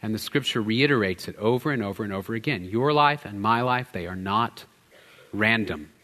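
A man in his thirties preaching a sermon as pastor, earnest, swinging from loud emphasis to hushed, near-whispered lines. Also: fairly low pitch, lively intonation, normal speed, long reverb tail. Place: church sanctuary.

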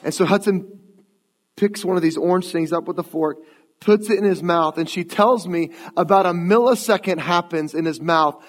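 Pastor guy, late 30s, higher voice, chatty storytelling sermon, big echoey church. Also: normal speed. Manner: conversational storytelling. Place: church sanctuary. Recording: long church hall reverb.

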